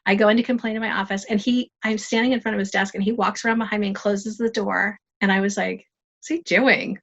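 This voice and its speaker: A woman guest on a podcast interview, telling stories in a lively, self-deprecating, humorous way. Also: mid-range voice, quick pace, lo-fi sound. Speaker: guest, life coach.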